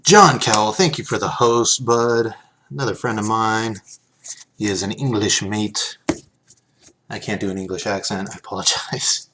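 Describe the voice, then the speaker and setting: A man's voice: lowish voice, moderate pace, background noise. A man casually chatting on a live stream, reading card text aloud and thanking viewers as he opens packs.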